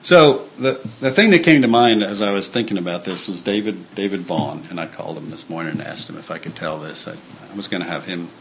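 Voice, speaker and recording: Man, low voice, loose conversational preaching with fillers and restarts, light noise behind. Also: brisk, vocal fry, few pauses, a bit bright, rough recording. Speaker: church speaker. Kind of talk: informal sermon talk.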